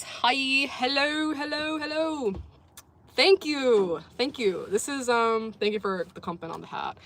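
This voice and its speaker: A woman with a medium, slightly bright voice hosts a casual livestream from a sports bar. She chats easily, laughs often and reads viewer comments aloud.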